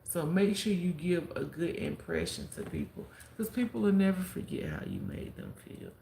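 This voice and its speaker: A woman chatting on a live stream with a deeply gravelly, creaky voice that swings up and down as she acts out what people said. Her room sounds echoey, with faint ambience behind her. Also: moderate pace, slight background noise. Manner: animated storyteller who acts out quotes and gives heartfelt advice. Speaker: live streamer and content creator. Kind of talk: casual live-stream storytelling. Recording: roomy echo with faint background ambience.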